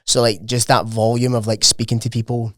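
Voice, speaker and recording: A man's voice: medium pitch, level tone, fairly quick, a bit bright, no room sound. Scottish guy, young adult, rambling podcast guest, sweary and full of fillers, dry close mic. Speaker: podcast guest, gym owner. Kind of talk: casual chat.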